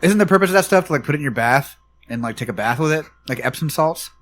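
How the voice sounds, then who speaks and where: A man's voice: a little high, expressive, fast talker. A man in a casual podcast chat, telling stories in an easygoing, rambling way.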